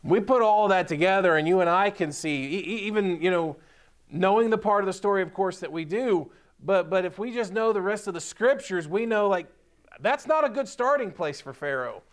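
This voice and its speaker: A man's voice: high-pitched, animated, normal speed. A man preaching a sermon as pastor, reading scripture aloud and repeating key points with emphasis. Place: church sanctuary.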